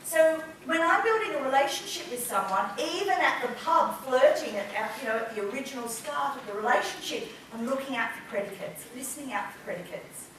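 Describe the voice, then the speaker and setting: A woman's voice: sits high, lively intonation, fairly quick, few pauses, fairly bright tone, slight background noise. A woman with an Australian accent giving a playful seminar talk to a live audience. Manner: playful, acts out flirty quotes with gasps and laughs. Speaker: business speaker. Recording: echoey room, mic far off.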